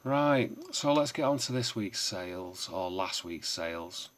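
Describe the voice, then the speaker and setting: A man with a somewhat low voice chats casually to camera about his sales. He rambles and drifts onto tangents. His talk is peppered with hesitant fillers and self-deprecating remarks. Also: lively intonation, a little slow. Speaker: online seller and vlogger.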